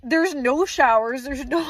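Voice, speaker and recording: A woman's voice: high voice, slow pace, no room sound. A young woman vlogging to a handheld phone camera, ranting in exasperation as she lists one complaint after another. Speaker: travel vlogger. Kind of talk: casual vlog talking to camera.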